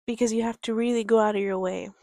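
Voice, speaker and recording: A woman life coach giving a reflective motivational talk in a gentle, calm, quiet and patient way. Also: a little high, vocal fry, no room sound. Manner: unhurried, patient delivery. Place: outdoors near a creek.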